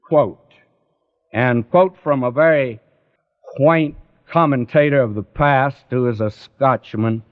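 Guy preaching a sermon real slow, big rise and fall, kinda muffled old recording. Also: on the high side. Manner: slow, emphatic, rising and falling preaching cadence. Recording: dull lo-fi recording.

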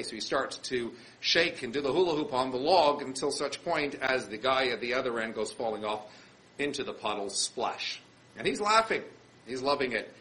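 Brief: male rabbi, lively storytelling sermon, bright tone, faint background noise. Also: mid-range voice, brisk, poor audio. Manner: animated storyteller, acts out quotes.

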